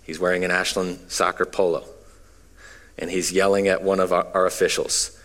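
A man in his thirties preaching a relaxed, conversational sermon with stories and frequent fillers. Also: sits low, normal speed. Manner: casual, self-deprecating, frequent fillers. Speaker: pastor. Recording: long hall reverb.

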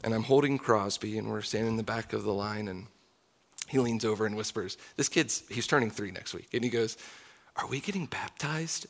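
A man's voice: on the low side, fairly quick, gravelly. A man in his thirties, a pastor preaching a sermon in an earnest, confessional way. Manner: earnest, confessional, closing in soft prayer.

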